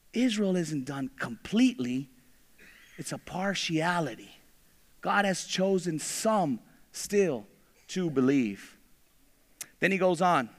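A man preaching a sermon, animated, acting out biblical figures in casual everyday slang. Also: on the high side. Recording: long reverb of a large hall.

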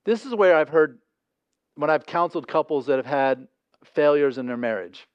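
Emphatic preacher, dry sound. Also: male voice, on the high side, lively intonation, normal speed, smooth, no room sound, dull audio. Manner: conversational and emphatic, acts out quotes. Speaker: pastor. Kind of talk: sermon.

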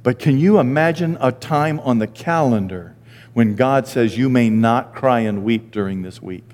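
A man in his sixties, a pastor, preaching a sermon and telling stories, now and then jumping into high squeaky voices for the people he quotes. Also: moderate pace, darkish tone, long reverb tail. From Maine. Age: 60s. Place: church sanctuary.

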